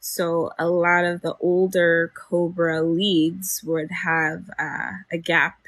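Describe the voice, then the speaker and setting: Slow soft-talking woman doing a live healing stream, soothing then rambly. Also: on the low side, flat delivery, no room sound. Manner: slow, soft and soothing when guiding, chatty with fillers and laughs otherwise. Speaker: livestream spiritual healer. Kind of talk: guided meditation and casual live chat.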